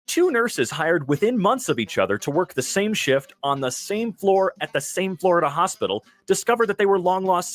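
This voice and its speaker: A man hosting a casual reaction commentary, reading captions aloud and adding joking asides. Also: on the high side. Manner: jokey asides after each reading. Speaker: host reacting to wholesome posts.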